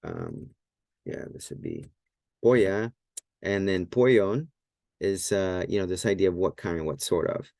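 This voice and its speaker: Deep-voiced man teaching at a whiteboard. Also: sing-song, measured pace, creaky, a little mellow, no room sound, clean studio sound. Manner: thinks aloud, many fillers and self-corrections. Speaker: Greek teacher. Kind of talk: casual whiteboard lesson.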